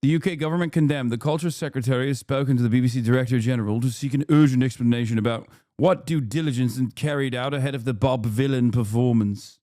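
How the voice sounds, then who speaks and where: A man's voice: medium pitch, steady tone, fast talker, hardly any pauses, dark tone, no echo, studio quality. A man streaming, giving blunt, heated political commentary in a casual way with plenty of swearing.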